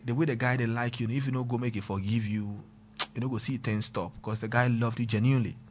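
A young man with a Ghanaian accent, casually telling a personal story, mixing pidgin and local words and swinging between loud and quiet. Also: mid-range voice, fairly even intonation, fast, slight background noise.

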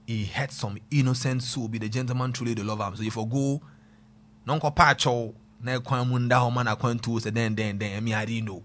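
A young man with a Ghanaian accent, casually telling a personal story, mixing pidgin and local words and swinging between loud and quiet. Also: mid-range voice, steady tone, fairly quick.

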